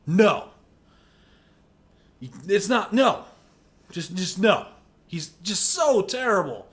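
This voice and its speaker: A man ranting indignantly in a movie review video, exaggerated, and shouting at times. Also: sits high, sing-song, takes it slowly, pauses often.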